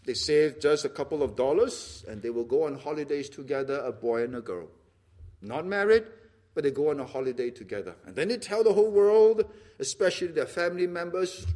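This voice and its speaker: Animated high-voiced preacher. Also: male voice, brisk. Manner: animated, acts out little dialogues, laughs often. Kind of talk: sermon.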